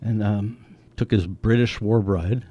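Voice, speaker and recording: A man in his seventies telling his family's story in a conversation, lively and acting out the voices of people he quotes. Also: on the low side, a little slow, dry recording, highs cut off. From United States. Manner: animated, acts out quoted voices.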